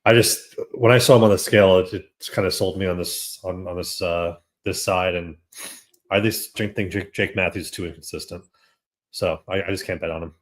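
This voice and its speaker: A man on a casual betting panel explaining his pick in a quick, slightly rambling way. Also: sits low, fairly even intonation. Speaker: sports bettor on the panel.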